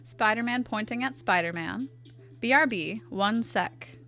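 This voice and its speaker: A woman's voice: a little high, unhurried, pushed and bright, faint music behind. A woman streaming while she draws, chatting casually, reading her chat aloud and answering it with self-deprecating asides. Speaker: art streamer.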